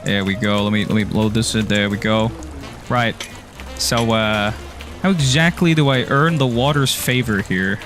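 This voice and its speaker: Fairly low-pitched and a little bright, this Irish man speaks at a normal speed with soft music behind him. He streams a game and keeps up loose commentary, chatting with viewers, cracking jokes at his own expense and laughing often.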